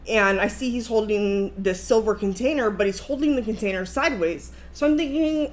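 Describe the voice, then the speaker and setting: A woman in her thirties hosting a livestream, telling a story in a casual, animated, profane way and laughing along the way. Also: mid-range voice, normal speed, few pauses. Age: 30s. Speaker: livestream host.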